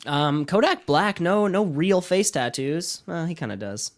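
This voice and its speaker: A man's voice: fairly high pitch, big pitch swings, unhurried. Joking man co-hosting a podcast. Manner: joking, laughs often, reads chart facts. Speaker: podcast co-host. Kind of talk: casual chat.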